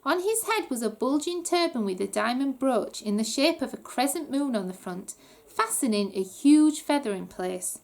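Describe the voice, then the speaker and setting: A woman reading a children's book aloud with animated storytelling. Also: sits high, moderate pace, vocal fry. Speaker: reader.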